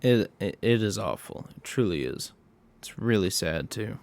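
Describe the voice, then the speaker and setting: A man giving a casual recap of a horror movie, excitable and profane. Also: lowish voice, a little slow, gravelly, no room sound.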